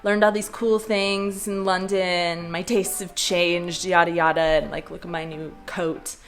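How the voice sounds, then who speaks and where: A woman's voice: on the low side, flat delivery, measured pace. A woman voicing a boastful young man who returns to his village and shows off. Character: smug young man back from the big city, showing off.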